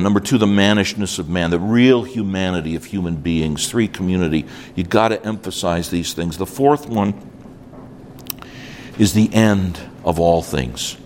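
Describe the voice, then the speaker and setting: An older man from New York preaching at a conference, animated, acting out little dialogues and dropping in asides. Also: low voice, a little hiss or hum. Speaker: conference speaker. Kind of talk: conference sermon.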